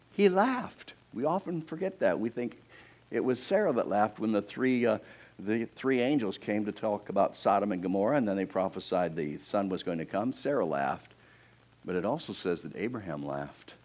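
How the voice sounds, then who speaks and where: A male pastor preaching a sermon in an animated storytelling way, putting on the voices of figures he quotes and asking the congregation questions. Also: fairly low pitch.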